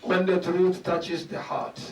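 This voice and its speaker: A man preaching a sermon in a large mosque hall, emphatic and rising to shouted peaks, counting out his points and asking rhetorical questions. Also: high voice, completely flat delivery, takes it slowly. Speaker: sheikh giving a lecture. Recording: echoey hall, speaker far from mic.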